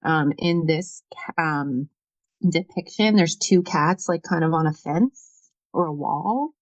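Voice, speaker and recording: A woman's voice: deep voice, animated, takes it slowly, no echo, lo-fi sound. A woman co-hosting a casual tarot reading chat, musing aloud with many fillers. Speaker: tarot reader co-host.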